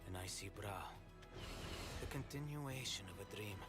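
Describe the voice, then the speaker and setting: A man's voice: on the low side, moderate pace, loud music behind the voice, lightly acted. An actor playing a proud, riddling king in a video game, speaking in a pompous, theatrical way. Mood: haughty.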